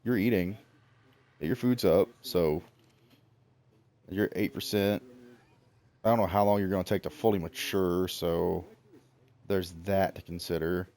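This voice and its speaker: A low-voiced Southern man in his thirties, drawling through a relaxed gameplay stream. He rambles, pokes fun at himself and talks to the creatures on his screen like pets. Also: measured pace, long pauses. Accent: Southern American. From Southern United States. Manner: rambling, self-mocking, chats to the game animals. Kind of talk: casual gameplay commentary.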